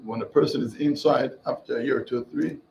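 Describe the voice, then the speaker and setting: A man's voice: medium pitch, fairly even intonation, fast, gravelly, darkish tone, a little hiss or hum, rough recording. A man, a rabbi, giving an emphatic Torah class, quizzing his listeners and mixing in Hebrew phrases. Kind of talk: Torah class to a live group.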